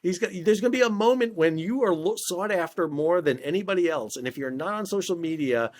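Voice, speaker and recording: A middle-aged man speaking as an interview guest, telling lively anecdotes in a casual conversational way, often restarting his words. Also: sits high, fairly quick. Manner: animated storyteller, frequent stammered restarts. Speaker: podcast guest, maritime historian.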